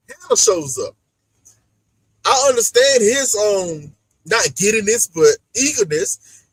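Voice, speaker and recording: A man hosting a casual reality-show recap chat, animated and acting out the people he talks about. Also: sits high, takes it slowly, long pauses, husky, rough recording. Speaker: podcast host.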